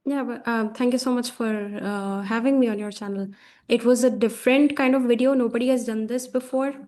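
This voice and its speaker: A woman's voice: on the high side, steady tone, a little fast, a little mellow. A woman from India with an Indian English accent, a guest giving frank, opinionated views in casual conversation. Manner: frank, opinionated, speeds up when making a point.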